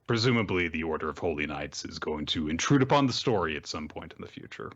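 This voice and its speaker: Male podcast host, casual, lively storyteller; slightly dull audio. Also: low-pitched, fast talker. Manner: animated, jumps into silly character voices for quotes. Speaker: podcast host recapping manga. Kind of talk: casual chat, summarizing with voiced quotes.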